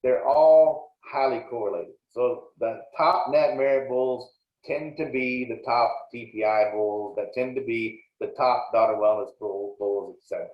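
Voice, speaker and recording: A man's voice: mid-range voice, unhurried. Guy lecturing off slides, plainspoken, bit of restarting, echoey room, kinda dull sound. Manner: plainspoken and explanatory, with frequent small restarts. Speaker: dairy extension lecturer.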